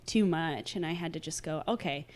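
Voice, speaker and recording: A woman's voice: deep voice, a little fast, a little mellow. A woman guest on a podcast, talking casually and frankly, rambling with lots of fillers. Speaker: podcast guest, wellness co-founder. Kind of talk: casual chat.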